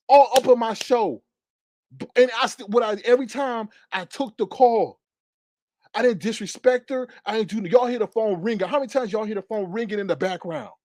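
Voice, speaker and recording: A man's voice: very high-pitched, a little mellow, slight background noise. A man hosting a livestream, angrily ranting in a profane, repetitive way. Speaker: livestream host. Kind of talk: heated livestream rant.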